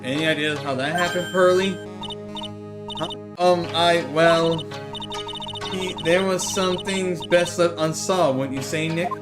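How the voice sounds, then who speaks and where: A streamer playing a game who reads every character's dialogue aloud in one voice and breaks off for quick asides to viewers. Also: medium pitch, fairly even intonation. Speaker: let's play streamer. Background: game music.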